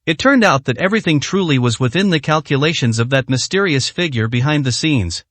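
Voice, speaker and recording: A man narrating a translated fantasy novel in steady, scripted storytelling. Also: a little high, a little fast, no room sound.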